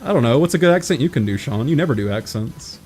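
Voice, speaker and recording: A man's voice: mid-range voice, lively intonation, fast, a little mellow, soft background music. An American man streaming a coop game, casually chatting and teasing his friend. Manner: teasing, joking. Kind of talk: casual chat while gaming.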